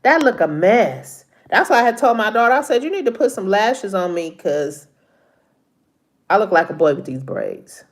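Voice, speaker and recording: A woman's voice: mid-range voice, very animated, normal speed. A middle-aged woman chatting casually with viewers on a live stream, laughing often, a little congested from allergies.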